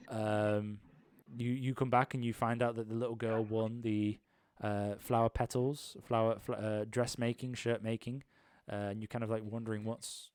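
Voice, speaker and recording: A young man narrating an improvised tabletop game as game master, rambling with many pauses and restarts. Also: fairly low pitch, darkish tone, clean tone, no echo.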